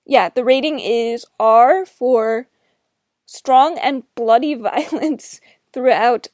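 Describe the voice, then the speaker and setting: A woman's voice: fairly high pitch, slow, a little mellow, dry recording, studio quality. A woman in her twenties from New Jersey, giving a casual, rambling film review with chatty asides.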